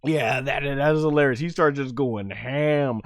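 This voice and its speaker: A man hosting an anime review podcast, excitedly recapping fight scenes play-by-play with sound effects and frequent laughter. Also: mid-range voice, a little slow, dry recording. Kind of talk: excited episode play-by-play on a livestream.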